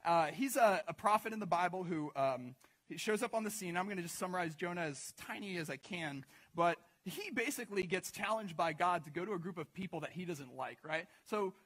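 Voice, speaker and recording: Telling stories from the pulpit, a young man delivers a sermon in a casual, joking style, peppering it with asides and questions for the congregation. His voice is high, animated, a bit bright, and a little fast.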